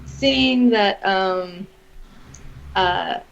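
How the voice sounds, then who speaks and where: A woman playing a tabletop role-playing game, describing her character's actions in a hesitant, soft-spoken way. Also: mid-range voice, drawn-out words, vocal fry, muffled recording, a little hiss or hum. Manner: hesitant, soft-spoken, laughs between lines. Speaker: player.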